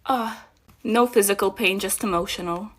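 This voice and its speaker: A woman's voice: mid-range voice, moderate pace, a bit bright. A young woman chatting playfully and casually to viewers as she talks through her own makeup. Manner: playful, chatty, self-mocking. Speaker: makeup creator. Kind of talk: casual vlog narration.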